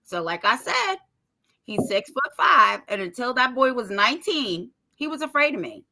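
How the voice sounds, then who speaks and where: A woman's voice: a little high, sing-song, normal speed, gravelly, pushed and bright. A middle-aged woman co-hosting a podcast, talking bluntly and profanely in casual chat and laughing often. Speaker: podcast co-host.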